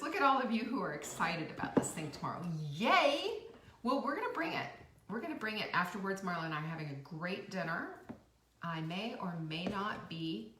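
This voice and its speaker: A chatty middle-aged woman hosts a casual live stream, her bright voice swinging up and down as she talks. She sits a little back from the mic in an echoey room. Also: mid-range voice, distant mic, slight background noise. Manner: chatty and bubbly, reacting to viewer comments. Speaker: host.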